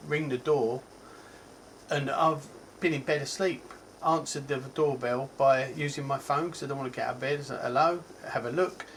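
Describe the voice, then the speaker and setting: A Cockney-accented man from England, a tech reviewer, gives a relaxed, rambling product review full of ums and self-corrections. His voice is a little high, and the poor audio carries a bit of hiss or hum.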